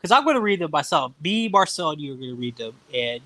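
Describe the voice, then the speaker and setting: Jokey guy ranting about books, highish bright voice, dry mic. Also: quick pace, no room sound. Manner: animated, jokey, swears casually. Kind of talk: casual chat.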